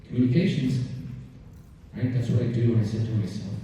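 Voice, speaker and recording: A man's voice: mid-range voice, brisk, a little hiss or hum. A man giving a conference keynote, telling stories and often asking the audience "right?". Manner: animated storyteller, frequently asking "right?". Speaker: keynote speaker. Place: large conference hall. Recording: echoey hall, from far off.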